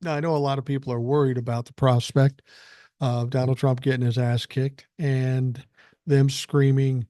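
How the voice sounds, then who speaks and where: Older guy on his podcast, swearing nonstop, dark mellow voice, dry close sound. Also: mid-range voice, fairly even intonation, moderate pace, no echo. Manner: angry, blunt and heavily profane. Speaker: podcast host reading listener emails. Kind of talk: profane political rant.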